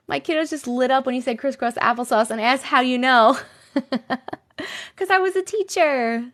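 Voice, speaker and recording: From a computer desk at home, a New York-accented woman runs a casual livestream, chatting, laughing often and reading aloud what viewers send in, both stories and comments. She speaks at a moderate pace in a high, fairly bright voice.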